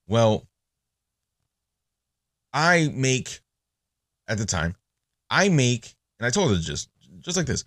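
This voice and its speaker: Taking it slowly with long pauses, this man has a mid-range voice, recorded in a clean studio with no echo. He's a podcast host giving a casual monologue that's blunt, profane, and full of animated storytelling.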